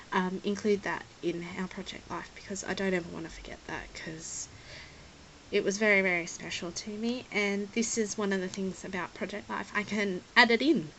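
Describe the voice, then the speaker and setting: A woman's voice: mid-range voice, a bit bright, a little hiss or hum, low-quality recording. Chatty Australian woman. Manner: chatty, rambling and apologetic; emotional, near tears at times. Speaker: scrapbooking vlogger. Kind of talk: casual chat showing a scrapbook.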